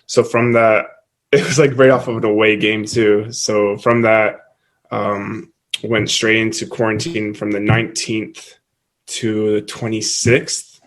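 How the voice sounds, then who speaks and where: A young man from Canada, a college basketball player, chatting casually as a guest in an interview, relaxed and quick to laugh. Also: fairly low pitch. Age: young adult. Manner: laid-back, laughs often, lots of "like".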